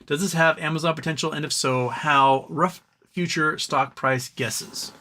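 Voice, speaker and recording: Male stream host, bright tone, loose rambling delivery with lots of ums. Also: a little high, fairly even intonation, unhurried, a little hiss or hum. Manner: rambling, reads viewer comments aloud, frequent ums. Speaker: livestream host. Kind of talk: casual live-stream chat.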